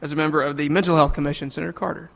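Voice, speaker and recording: A man chairing a legislative committee hearing, moving briskly through procedure with light chuckles. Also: fairly high pitch, little pitch movement, creaky, fairly bright tone. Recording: long hall reverb.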